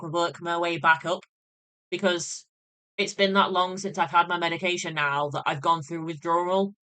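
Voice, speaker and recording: A woman's voice: lowish voice, bright, forceful tone, clear, resonant tone. A woman chatting casually on a live stream, venting, laughing often and swearing freely.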